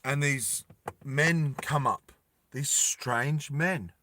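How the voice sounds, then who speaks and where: Slow-talking bright-voiced male storyteller. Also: medium pitch, slight background noise. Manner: slow, with fillers, addresses viewers. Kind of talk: casual storytime vlog.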